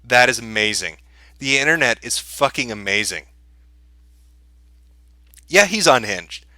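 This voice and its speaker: With a mid-range voice and lively intonation, a male podcast host moves at a measured pace through sneering, profane commentary. He's amused and crude, mocking as he goes, his tone bright and sharp-edged. The sound is dry and close, free of echo or room.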